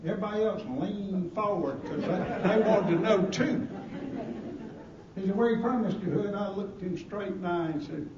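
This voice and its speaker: Southern man, after-dinner speaker, folksy joking storyteller, high-pitched voice, far from the mic in a roomy hall. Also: moderate pace, noisy background. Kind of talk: humorous speech. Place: banquet hall at a gala dinner. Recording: roomy, distant, muffled hall recording with crowd.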